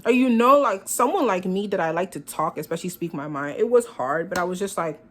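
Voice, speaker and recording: Animated young woman telling a story. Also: fairly low pitch, a little fast. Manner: animated, expressive, quotes herself and others. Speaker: vlogger. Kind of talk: casual storytime. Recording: phone with faint background noise.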